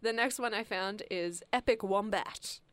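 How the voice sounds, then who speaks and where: A woman's voice: medium pitch, a little slow, fairly bright tone, dry recording. Giggly woman chatting on a podcast. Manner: giggly, laughs between sentences. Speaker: podcast host. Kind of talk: casual chat.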